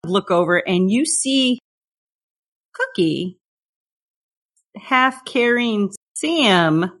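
A woman narrating as game master of a tabletop horror game, in slow, measured speech. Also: a little high, expressive, a bit bright.

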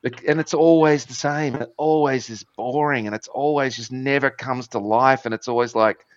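A man's voice: medium pitch, steady tone, moderate pace, no echo, lo-fi sound. A man, a podcast guest telling stories in a rambling, self-deprecating way, acting out voices as he goes. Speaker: podcast guest, former musician. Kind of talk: casual conversational storytelling.

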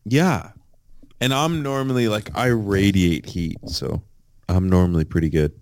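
A male podcast co-host with a very deep voice talks in a laid-back, profane way. The sound is dry and close to the mic, with no room behind him. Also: a little slow, a little mellow, no echo. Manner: profane, laid-back banter with sports betting picks. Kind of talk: casual chat.

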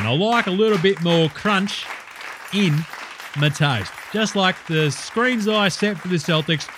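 A man's voice: fairly high pitch, background noise. A man with an Australian accent voicing a crude, boastful bloke hosting a TV cooking show.

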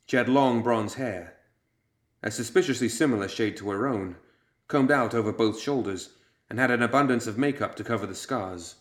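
A man reading a story aloud as audiobook narrator, measured and steady. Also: lowish voice, reverberant.

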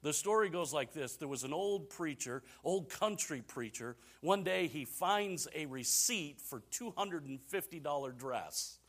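A male pastor delivering a sermon in a church, talking to the congregation like a friend. His fairly high voice falls into easy repetitions, then rises to emphatic peaks. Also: animated, measured pace, hardly any pauses, fairly bright tone.

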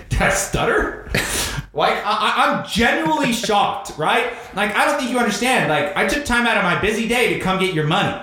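A high-pitched man in his thirties talks sales in a loose, animated way, swearing and acting out both sides of an exchange. The room around him rings with heavy echo. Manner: animated, swears, acts out quotes. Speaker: podcast host. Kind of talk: casual sales coaching chat. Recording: very echoey room.

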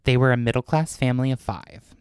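A man's voice: medium pitch, brisk, clear, resonant tone, no echo. A man co-hosting a podcast, telling a story from prepared notes and breaking into chatty asides. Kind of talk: casual storytelling chat.

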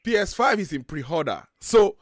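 A man's voice: high voice, sing-song, normal speed, no room sound, studio quality. A man, co-hosting a casual group chat and telling boastful, joking stories with some swearing.

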